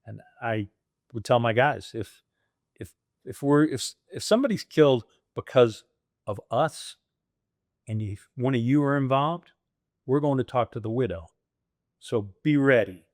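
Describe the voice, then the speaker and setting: Middle-aged male guest, lively storyteller, dry close podcast sound. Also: medium pitch, moderate pace, no echo. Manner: animated, acts out quoted dialogue. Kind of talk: storytelling interview.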